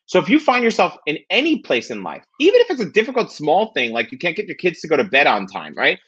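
Guy talking fast and lively on a podcast, bright husky voice, kinda dull lo-fi sound, keeps going "right?". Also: on the high side. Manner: animated, fast, repeats "right?". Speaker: podcast guest. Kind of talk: casual chat.

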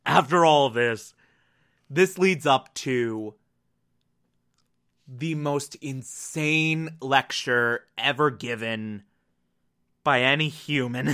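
A man gives a casual recap of a TV episode, taking his time and speaking slowly. His voice is bright and a little tense. He keeps dissolving into laughter and swears casually. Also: a little high. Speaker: TV episode reviewer.

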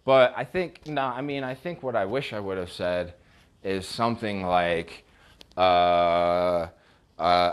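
A man's voice: low voice, slow, smooth. A man ranting casually about text messages he received, swearing heavily and scornfully, often stumbling and restarting his sentences. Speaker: vlogger recounting text messages. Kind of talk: casual storytime rant.

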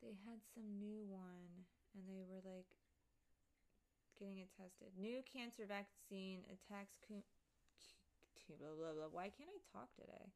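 A woman talking in an unhurried, drawn-out way, her voice often dropping into a gravelly fry. She rambles from one thought to the next in casual chat, swearing freely and losing her thread. It sounds like a streamer talking to her viewers. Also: medium pitch, a little mellow. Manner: rambling, profane, easily sidetracked.

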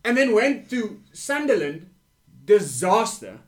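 A man co-hosting a casual football podcast, talking in an animated, exclaiming way and calling his friends "bro". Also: sits high, takes it slowly. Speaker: podcast co-host.

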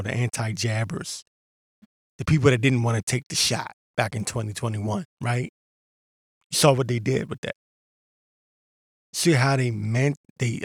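A man's voice: medium pitch, creaky, no echo, studio quality. A man hosting a podcast, talking in a ranting, combative way and mocking others in put-on voices. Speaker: podcast host. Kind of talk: casual monologue.

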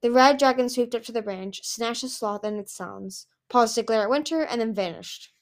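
A woman reading a fantasy novel aloud in a lively, expressive way. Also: on the high side, moderate pace. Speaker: audiobook reader. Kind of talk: storybook reading.

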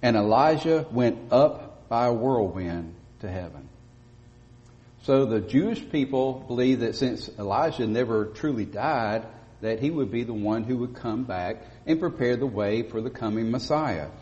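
A man preaching a sermon as pastor, speaking emphatically and rising to loud stresses on key words. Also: mid-range voice, lively intonation, measured pace. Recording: dull lo-fi audio with long church reverb.

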